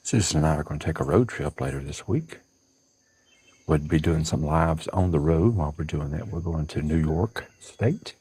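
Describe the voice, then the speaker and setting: A man's voice: a bass voice, normal speed, warm tone, husky, poor audio. A man with a Southern US accent hosting a casual livestream from a porch at dawn, chatting and greeting viewers by name. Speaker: livestream host.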